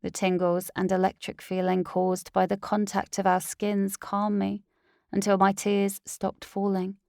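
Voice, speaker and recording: A woman's voice: mid-range voice, completely flat delivery, unhurried, creaky, a little mellow, smooth, dry recording, clean studio sound. A woman narrating a first-person audiobook in an earnest, dramatic reading.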